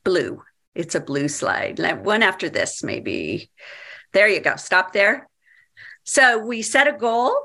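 A woman's voice: medium pitch, lively intonation, slow, sharp tone. A woman in her fifties, an activist and founder, giving a workshop presentation in a chatty, hesitant way with many fillers.

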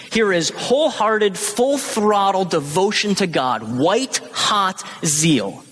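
A man's voice: sits high, bright, forceful tone. A man in his thirties preaching a sermon, teaching with animation and acting out the quoted lines. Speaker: pastor. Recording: long hall reverb.

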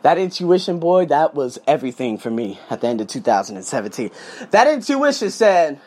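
Animated, swearing male vlogger. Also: a little high, a little fast. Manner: emphatic, swearing storyteller. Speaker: vlogger, English teacher. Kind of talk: casual vlog monologue. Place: condo room, indoors.

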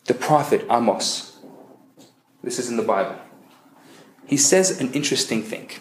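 A man who is a rabbi, giving a humorous lecture as an animated storyteller with quick joke delivery. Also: medium pitch, slight background noise. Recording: echoey room.

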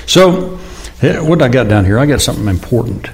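A man in his sixties preaching a conversational sermon, often asking the congregation questions and acting out quoted speakers in louder, higher bursts. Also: expressive, a little fast, gravelly. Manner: chatty, asks the congregation questions, acts out God and James. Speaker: pastor.

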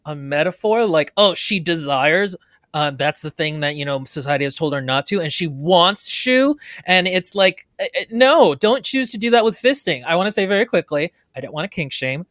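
A woman co-hosting a book club podcast, talking casually in a blunt, wry manner with quick jokes. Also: lowish voice, animated, fairly bright tone, dry recording, studio quality.

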